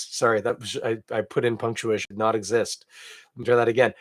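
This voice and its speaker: A man's voice: on the low side, fairly even intonation, fast talker, breathy edge, no echo, clean studio sound. A man from Canada hosting a beer podcast alone, chatting casually and thinking aloud with self-deprecating asides. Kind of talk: casual solo tasting chat.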